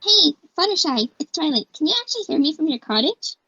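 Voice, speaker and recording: A woman voicing an excited, studious female pony princess in an amateur fan dub, bubbly and amazed. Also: high-pitched, fast talker, gravelly, dry recording, dull audio, pitched above the performer's own voice, full character voice.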